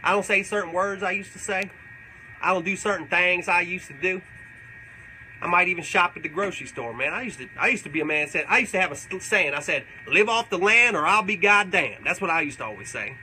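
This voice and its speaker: During a comedic livestream Q&A, a man answers fan questions as a crude, boastful redneck character, rambling through tall tales and swearing constantly. His high voice is quick, pushed and bright, and the low-quality recording has a little hiss or hum.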